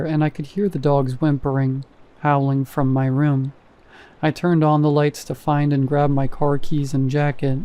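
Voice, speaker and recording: A man narrating a scripted first-person horror story in a steady, even manner. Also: on the high side.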